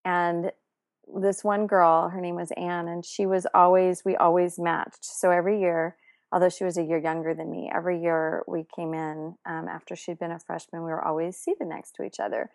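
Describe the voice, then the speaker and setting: A woman's voice: on the low side, normal speed. Chatty woman telling a story. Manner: animated, many fillers and restarts. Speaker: guest telling a personal story. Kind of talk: casual personal storytelling.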